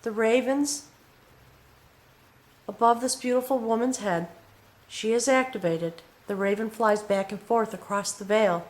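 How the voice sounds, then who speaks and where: A woman giving an emotional, earnest spiritual tarot reading, talking straight to the viewer and often checking in with a soft "okay?". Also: fairly high pitch, steady tone, unhurried, long pauses. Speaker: tarot reader.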